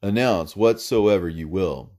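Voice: a man voicing a divine lord. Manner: measured, authoritative, slowing at the close. Pitch: low. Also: mellow. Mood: commanding. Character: male divine voice, the Lord, commanding.

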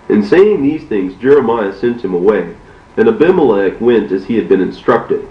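Man reading scripture aloud, measured and steady, lively pitch, dull muffled sound. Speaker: reader. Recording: distant, roomy, dull recording.

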